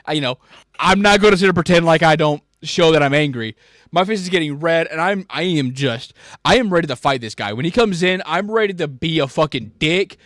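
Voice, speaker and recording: A man telling a work story in casual chat, animated and profane, jumping between loud rants and quiet asides. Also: on the high side, a little fast, no room sound, studio quality. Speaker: podcast host.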